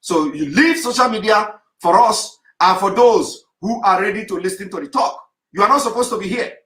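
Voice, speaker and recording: Man, activist broadcast, insistent repeated demands, bright voice in an echoey room. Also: sits high, normal speed. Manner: insistent, repetitive, forceful oratory. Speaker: activist leader giving a live broadcast. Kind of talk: live online address to followers. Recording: roomy echo.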